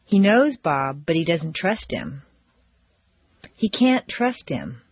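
A woman teaching pronunciation drills, speaking slowly and deliberately with exaggerated intonation. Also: deep voice, very animated, breathy edge, no echo. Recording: dull dry lo-fi recording.

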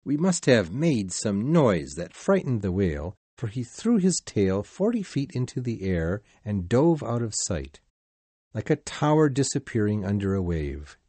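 A man narrates a storybook aloud with deliberate, expressive storytelling. He speaks slowly and lets his pitch rise and fall widely. The close recording is dry, with no room sound. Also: breathy edge, dry recording. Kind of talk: scripted audiobook narration.

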